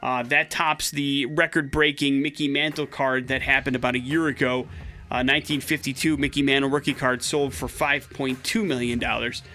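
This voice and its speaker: A man co-hosting a morning radio show, chatting casually and excitably with plenty of fillers. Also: medium pitch, normal speed.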